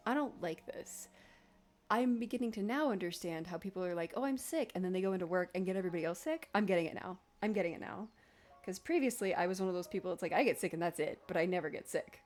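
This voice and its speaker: A woman's voice: on the low side, very fast, a little mellow, soft background music. Chatty woman knitting on stream. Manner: chatty, rambling, laughs often. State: recovering from being sick. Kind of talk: casual chat while knitting on a live stream.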